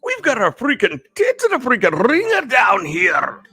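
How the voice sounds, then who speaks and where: A man putting on a Scottish accent to voice a gruff male starship engineer, shouting. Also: very high voice, huge pitch swings, moderate pace, pitched above the performer's own voice, heavily acted. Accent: put-on Scottish. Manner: shouting, strained.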